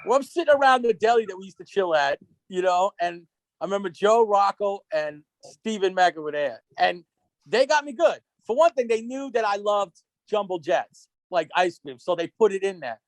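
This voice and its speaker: A man's voice: high voice, expressive, normal speed, no room sound. A young man telling rambling, profane stories on a casual podcast, laughing as he goes. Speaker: podcast guest. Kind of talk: casual storytelling chat.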